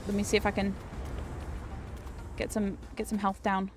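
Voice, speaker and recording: A woman giving casual game commentary as a streamer. She gets excitable, swears often and jumps into squeals. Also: mid-range voice, normal speed, over music. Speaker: VTuber streamer.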